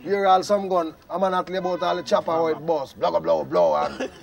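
A man's voice: high-pitched, a little fast. A man with a Jamaican accent talking earnestly in patois, chatting casually during an interview. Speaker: musician in interview. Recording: old 1983 field tape with crowd around.

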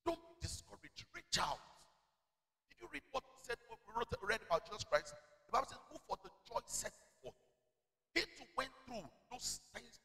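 A man's voice: extremely high pitch, sing-song, normal speed, gravelly, pushed and bright. A man preaching a sermon, mixing personal stories with call-and-response declarations for the congregation. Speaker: pastor. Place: church hall. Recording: reverberant church hall.

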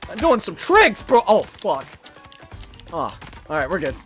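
Loud, animated, foul-mouthed game streamer. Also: mid-range voice, a little slow, long pauses, soft background music. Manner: profane, shouting and laughing at the game. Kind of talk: live gaming commentary.

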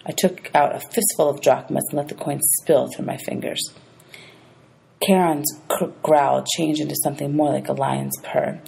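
A woman's voice: low voice, steady tone, moderate pace, gravelly, mellow, breathy edge, rough recording. A woman teacher reading a novel aloud to her students, announcing page numbers as she goes.

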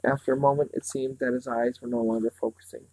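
A man reading a novel aloud in a steady, unhurried way, now and then slipping and starting a phrase over. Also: mid-range voice, poor audio. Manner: steady, unhurried reading with small slips and restarts. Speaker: reader.

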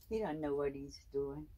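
A woman's voice: low voice, dark tone, rough recording. A woman keeping snakes, talking casually and affectionately to her pet snake, cooing and baby-talking to it. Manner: coos and baby-talks to the snake. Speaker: snake keeper.

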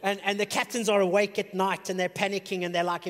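A male pastor preaching a sermon in an animated way, swinging between shouted peaks and hushed, low passages. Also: brisk, hardly any pauses, long reverb tail. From South Africa. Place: church auditorium.

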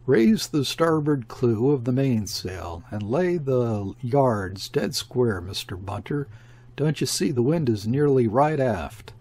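A man voicing a gruff, uneasy ship captain who speaks sharply and growls his orders. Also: mid-range voice, lively intonation, takes it slowly, a little mellow. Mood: grumbling.

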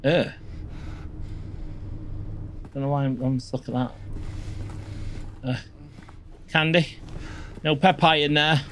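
Slow and steady, this man's fairly high, slightly bright voice pauses often as he commentates his game live for viewers. He chats with them casually but lets out curses and yelps at sudden scares. There's slight noise in the background.

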